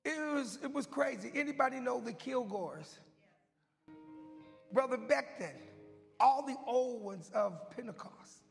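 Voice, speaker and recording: A man preaches with a very high, gravelly voice, loud and goofy as he tells a story. He drops to hushed whispers, then climbs to shouting. His voice rings out in a hall with a long echo, and faint music plays behind him. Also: expressive, unhurried, long pauses. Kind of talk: sermon.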